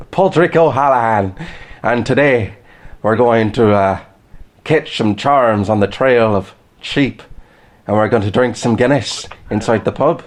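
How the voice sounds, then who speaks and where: A man's voice: mid-range voice, close to an everyday voice. A man putting on a rowdy cursing Irish lad. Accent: put-on Irish.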